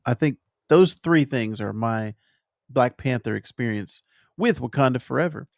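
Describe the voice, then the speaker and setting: A man hosting a podcast, chatting casually through a film review and pausing thoughtfully to find his words. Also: medium pitch, animated, vocal fry, no room sound, clean studio sound. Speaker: podcast host.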